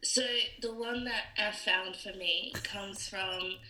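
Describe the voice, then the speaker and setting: A woman's voice: medium pitch, steady tone, slow pace, bright, forceful tone, echoey room, poor audio. A woman guest on a podcast, chatting casually with a friend and laughing easily.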